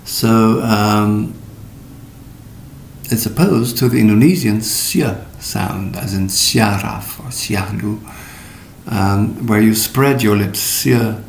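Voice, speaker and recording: A middle-aged man gives a recorded pronunciation lesson in a low, gravelly voice, taking his time over every word. His slow, deliberate delivery is dotted with fillers and spoken examples. The sound carries an echoey room with a faint rumble underneath. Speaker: English pronunciation teacher.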